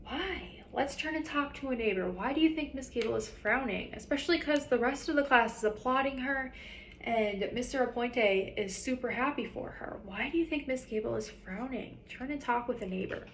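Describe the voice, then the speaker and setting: A woman's voice: on the high side, slight background noise. Woman teacher reading to fourth graders. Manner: reads a story aloud to children, pausing to ask questions. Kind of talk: classroom read-aloud lesson.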